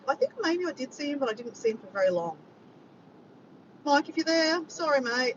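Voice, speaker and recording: A woman's voice: sing-song, fairly quick. A woman with an Australian accent chatting casually on a livestream, rambling and reading out comments from her viewers. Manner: rambling, reads out the chat and greets viewers by name. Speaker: vlogger hosting a livestream. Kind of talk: casual live chat with viewers. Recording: dull distant mic with vehicle rumble.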